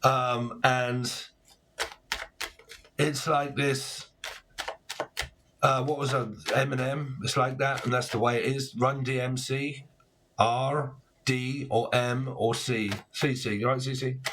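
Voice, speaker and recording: A man's voice: medium pitch, little pitch movement, takes it slowly, background noise. A man in his forties giving a casual tarot reading, rambling with puns and frequent swearing. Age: 40s. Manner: rambling, punning, swearing freely. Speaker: tarot reader.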